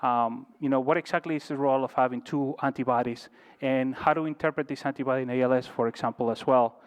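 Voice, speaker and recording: A man's voice: mid-range voice, fairly even intonation, quick pace, smooth. A man presenting at a medical conference in an informal way, often hedging his points. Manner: informal, hedges often with "I think". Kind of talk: conference lecture. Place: hotel conference room. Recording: reverberant conference hall.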